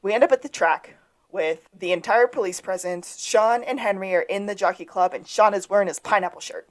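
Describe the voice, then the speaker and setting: A woman co-hosts a podcast and walks through a TV episode scene by scene. Her pitch sits in the middle range and her delivery is casual and chatty. Now and then she briefly acts out lines from the show. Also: a little fast. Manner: retells scenes, acting out quoted lines. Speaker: podcast co-host. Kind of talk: casual episode recap chat.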